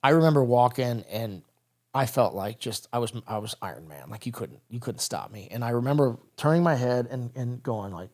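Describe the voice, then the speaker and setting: A man's voice: mid-range voice, animated, brisk, a little mellow. A man in his thirties, a military veteran guest, telling stories in a candid, rambling, casual way on an interview podcast. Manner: candid, rambling, with frequent "brother" and "dude".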